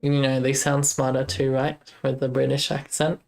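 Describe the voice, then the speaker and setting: Flat, gravelly game dev streamer. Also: medium pitch, normal speed. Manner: rambling, thinks aloud, chats with viewers. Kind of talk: casual live-stream chat while coding.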